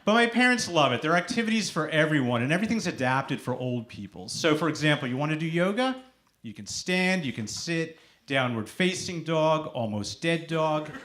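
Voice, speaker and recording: Sing-songy stand-up comic, lively pitch. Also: male voice, normal speed. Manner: sing-songy, talks as if everything is a question. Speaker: stand-up comedian. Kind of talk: stand-up set. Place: comedy club stage before a live audience. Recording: noisy live club recording.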